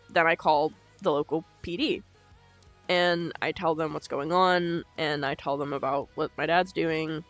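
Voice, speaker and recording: A woman's voice: sits low, a bit bright. A woman telling a personal story unscripted, in a blunt, rambling and emotional way, swearing a lot.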